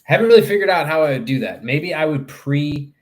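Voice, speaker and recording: A man's voice: a little high, lively intonation, a little fast. A young man chatting casually on a livestream, rambling and joking crudely as he answers his chat. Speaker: live streamer.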